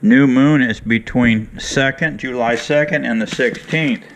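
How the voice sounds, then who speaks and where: A man's voice: medium pitch, unhurried, slight background noise. A man from Michigan chatting casually to viewers in a folksy, rambling way as he mixes tea outdoors before working his bees. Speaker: beekeeper vlogger. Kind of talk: casual vlog chat. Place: outdoors in hot sun.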